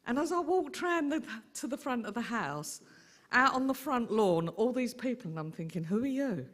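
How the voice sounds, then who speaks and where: A middle-aged woman, an aunt telling lively stories in a memorial tribute. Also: fairly high pitch, normal speed. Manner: lively anecdotal storyteller. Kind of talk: eulogy storytelling.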